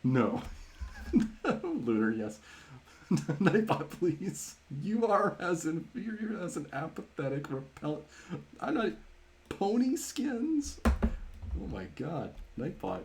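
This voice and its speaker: Man, live streamer, casual gaming chat, slow unhurried talk, lively swinging pitch, laughs often. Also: a little hiss or hum. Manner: rambling, chats with viewers, laughs often.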